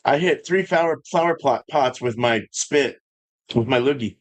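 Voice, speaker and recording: A man's voice: mid-range voice, lively intonation, moderate pace. A man hosting a live stream from his home brewing setup, ranting in a loose, joking, profane way. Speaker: livestream host. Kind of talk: casual live-stream rant.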